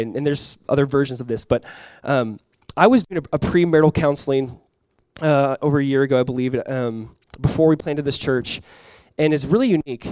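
A man's voice: on the high side, darkish tone, dry recording, poor audio. A male pastor preaching a sermon, telling a story conversationally and now and then rising into sudden emphasis.

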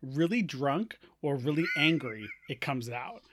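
A young man co-hosts a podcast in a relaxed back-and-forth chat. His pitch rises and falls a lot as he jokes, and he breaks into quick laughs. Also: noisy background. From Long Island, New York. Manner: chatty and joking, quick laughs. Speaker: podcast co-host. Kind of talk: casual chat.

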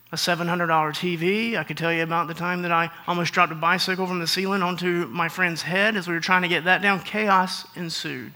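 Creaky bright-voiced man preaching. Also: on the high side. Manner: storytelling, acts out quoted exchanges, frequent throat clearing. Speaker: pastor. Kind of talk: sermon with personal story.

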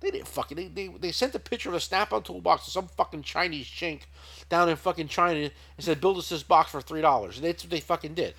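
A man's voice: on the high side, fast, creaky, fairly bright tone, husky. A middle-aged man hosting a casual podcast, talking in a rambling, profane way with many repeated words. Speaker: podcast host, tool shop owner. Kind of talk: casual chat.

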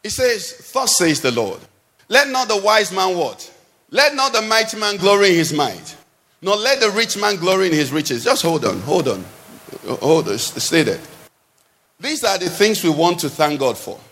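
A man preaching a sermon in a church, with animated, sing-song delivery that swings between loud and soft. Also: high-pitched, normal speed. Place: church hall. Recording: long hall reverb.

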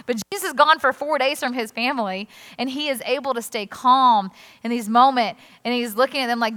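A woman pastor giving a conversational sermon in an animated, chatty way, acting out quotes. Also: on the high side, brisk. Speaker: executive pastor. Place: church auditorium. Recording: reverberant church hall.

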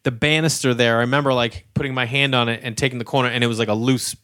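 A man's voice: medium pitch, racing, no echo, studio quality. A male comedian telling a long anecdote on a podcast, casually, acting out every voice in the story. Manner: animated, acts out every voice in the story. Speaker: guest comedian.

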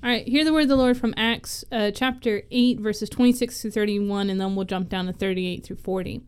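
A woman's voice: mid-range voice, a little fast, hardly any pauses, a little mellow, smooth. A woman pastor reading a Bible passage aloud, then chatting about it. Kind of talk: scripture reading and casual discussion.

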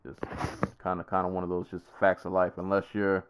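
Male podcast co-host, low smooth voice, relaxed and rambling sports talk. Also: brisk. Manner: easygoing, rambling with many fillers and restarts. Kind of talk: casual sports chat.

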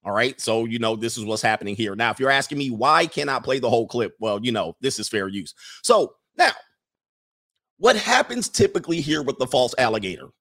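Man, casual clip commentary, chatty and repetitive, middle pitch. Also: animated, brisk, fairly bright tone. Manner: chatty, repetitive, drops into character voices. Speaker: video commentator. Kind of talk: casual commentary over film clips.

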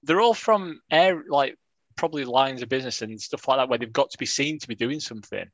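A man's voice: mid-range voice, a little fast, a bit bright, dry recording. A man co-hosting a casual football podcast, talking in dry, wry dialect banter. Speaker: podcast co-host.

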